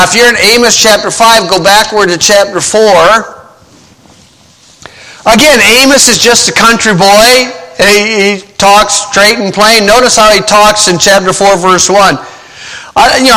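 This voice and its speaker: A male preacher with a high, bright voice delivers a plain-spoken sermon, full of sarcastic asides and mock-voiced quotes. His voice rings out with a long reverb through a large hall. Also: measured pace.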